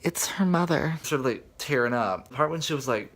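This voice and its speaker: Young male book vlogger with a gravelly voice, casual and dramatic. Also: medium pitch, animated, fairly quick, a bit bright. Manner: chatty, dramatic, filler-heavy. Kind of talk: casual reading vlog.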